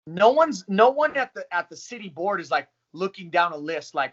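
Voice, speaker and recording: A man in his thirties, a professional fighter, telling his story in a casual, profane, animated way. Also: sits high, normal speed, few pauses, dull audio. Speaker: pro fighter. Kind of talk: casual interview talk.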